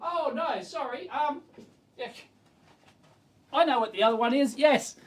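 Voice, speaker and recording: A man's voice: very high-pitched, a little slow. Rambling Australian man hosting a livestream. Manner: rambling, exasperated, chuckling, self-interrupting. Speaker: electronics livestream host. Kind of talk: casual livestream chat, answering chat.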